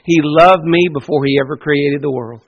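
Pastor, male, high voice, fervent sermon delivery with repeated lines. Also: moderate pace, husky, highs cut off. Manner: impassioned, repetitive preaching with dramatic quoted speech.

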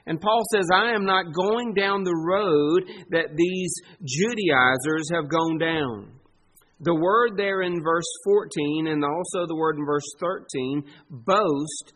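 Slow, high-voiced preaching man. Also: a bit bright. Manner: slow, emphatic preaching with drawn-out stresses. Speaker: pastor. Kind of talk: sermon.

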